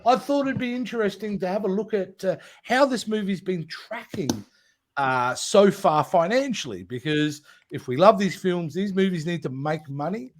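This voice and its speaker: A man with an Australian accent hosting a casual panel chat over a video call, chatty and upbeat. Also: sits high. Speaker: host.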